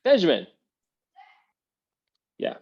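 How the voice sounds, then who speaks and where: A man hosting a podcast, telling a family story in a relaxed, joking way. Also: slow pace, a little hiss or hum. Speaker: podcast host. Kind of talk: casual podcast chat. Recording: dull, dry lo-fi sound.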